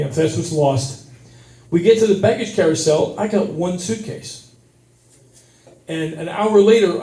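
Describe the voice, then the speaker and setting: Profane, animated stand-up comedian. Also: male voice, high-pitched. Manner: profane, animated, yells at the peaks. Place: brewery stage. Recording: roomy venue sound from a distance.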